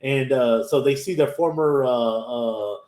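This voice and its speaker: A man's voice: mid-range voice, unhurried. Laid-back man recapping anime. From Texas, USA. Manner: relaxed, rambling, acts out characters' lines. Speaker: anime podcast host. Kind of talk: casual episode recap. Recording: echoey room.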